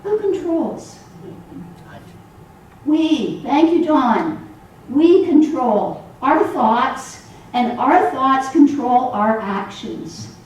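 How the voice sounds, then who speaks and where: A woman minister giving a sermon to a congregation in a church hall, animated and acting out the voices she quotes. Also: high-pitched, extremely slow. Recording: echoey hall, voice from far off.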